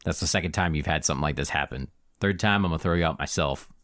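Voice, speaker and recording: A man voicing a huge, stern male minotaur bouncer who talks slowly, deep and weary. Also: a bit bright. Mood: stern warning.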